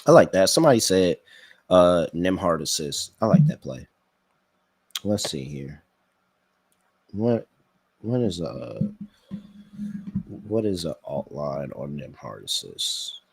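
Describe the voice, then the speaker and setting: A man's voice: sits low, sing-song, slow, creaky, long pauses, breathy edge, no room sound. A man hosting a sports betting podcast in casual live-stream chat, thinking aloud and reacting to viewers' comments.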